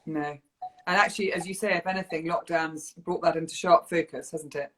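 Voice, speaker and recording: A woman's voice: deep voice, steady tone, brisk, fairly bright tone. A woman interviewing a headmaster, chatty and affirming. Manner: chatty and affirming, laughs easily. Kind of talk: interview over video call.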